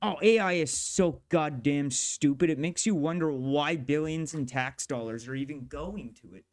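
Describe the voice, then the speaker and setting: A man's voice: on the high side, normal speed. A man narrating his game development work in a casual devlog, swearing and grumbling in exasperation as he goes. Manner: profane, exasperated grumbling at the software.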